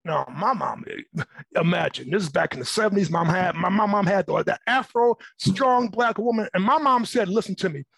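A middle-aged man being interviewed, telling personal stories in a lively way and acting out the voices of people in them. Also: high-pitched, moderate pace, vocal fry, slightly rough, dry recording, low-quality recording. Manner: animated, acts out voices in his stories. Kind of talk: personal storytelling.

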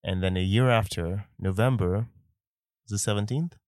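Man, from Nigeria, low pitch, dry recording, relaxed, joking, casual podcast chat. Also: normal speed, dry recording. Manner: relaxed, joking, many "like" fillers. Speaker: podcast co-host. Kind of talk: casual conversation.

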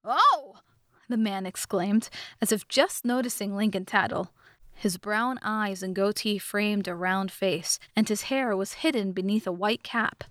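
A woman reads a fantasy story aloud as an audiobook narrator, steady and measured in a middle register. The recording is close and dry, with no room around her. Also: medium pitch, no echo. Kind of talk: scripted narration.

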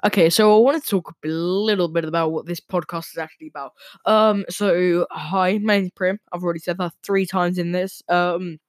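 A male podcast host talking casually and very fast, with lots of ums and restarts. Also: high-pitched, fairly even intonation, dry recording, clean studio sound. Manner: talks very fast with many fillers and restarts. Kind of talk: casual solo podcast talk.

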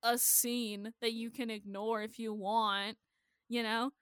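A woman's voice: fairly high pitch, little pitch movement, takes it slowly, a bit bright, clean tone, no echo, clean studio sound. A woman co-hosting a podcast, chatting casually and upbeat about a TV episode, swearing freely. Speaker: podcast co-host. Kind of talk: casual chat recapping a TV episode.

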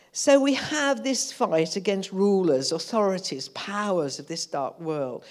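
A woman's voice: medium pitch, darkish tone. A woman preaching a sermon in church, building from conversational teaching into impassioned, fervent calls. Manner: impassioned, rising to fervent outbursts.

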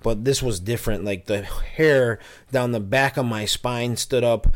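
A man's voice: mid-range voice, a little slow. A man telling his personal testimony in an interview, earnest and storytelling, with many fillers and restarts. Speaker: interview guest.

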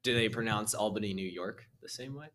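A man with a fairly low voice sits in on a casual history podcast. He mostly chimes in with short, easygoing replies. His manner is relaxed and unhurried. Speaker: podcast co-host.

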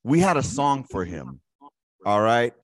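A man's voice: mid-range voice, big pitch swings, a little slow, husky. A man in casual podcast banter, laid-back and profane. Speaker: podcast co-host. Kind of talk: casual chat.

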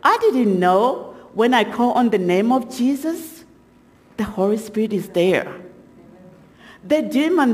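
Woman preacher in a reverberant hall. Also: on the high side. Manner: storytelling, with halting restarts and animated acted quotes. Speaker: guest speaker. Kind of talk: sermon testimony.

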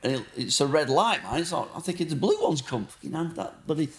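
A man's voice: fairly high pitch, lively intonation, quick pace. A man from Blackburn, telling rambling, sweary stories as a guest in a casual interview. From Blackburn, England. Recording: roomy echo.

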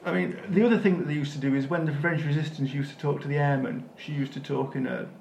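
A man's voice: a little high, fairly even intonation, fast, gravelly, darkish tone, echoey room, slight background noise. A man, co-hosting a podcast in casual chat, dry and teasing with short interjections. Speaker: podcast co-host.

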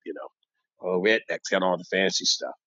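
An actor playing an older, bossy, old-school barbershop owner who rambles and boasts in street talk, delivered as a comic monologue. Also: male voice, low-pitched, fairly even intonation, moderate pace, pushed and bright, dry recording. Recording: dull dry lo-fi recording.

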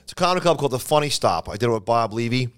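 A man hosting a podcast, a comedian telling animated stories in casual chat. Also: medium pitch, very fast, clear, resonant tone. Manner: animated storyteller, laughs while telling.

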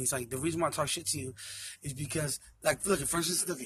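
A man's voice: a little high, quick pace, fairly bright tone, slight background noise. A man in casual chat, rambling and venting with heavy profanity.

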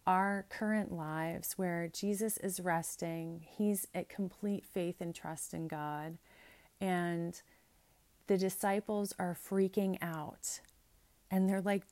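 A woman's voice: lowish voice, darkish tone. A woman pastor reading prayers aloud, then preaching in an earnest, conversational way with asides.

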